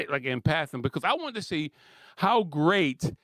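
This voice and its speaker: Ranting alone about sports, this host is animated, laughing frequently and hammering the same points home again and again. His voice sits high and ranges widely in pitch at a measured pace, captured in a close, dry recording without any room sound.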